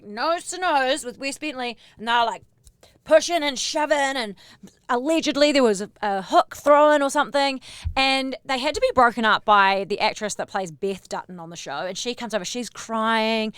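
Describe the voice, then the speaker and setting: A woman hosting a pop-culture podcast, chatting casually in a gossipy, animated, sometimes sweary way. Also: on the high side, clear, resonant tone, no echo. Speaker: podcast host.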